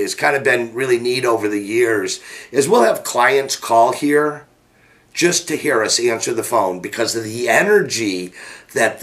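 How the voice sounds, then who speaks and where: A middle-aged man coaching his listeners through a personal story, his voice energetic and lively. He speaks at a mid pitch and leaps higher when he acts out what people said. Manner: energetic, animated, jumps pitch to act out quotes. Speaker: business coach. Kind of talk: motivational storytelling to camera.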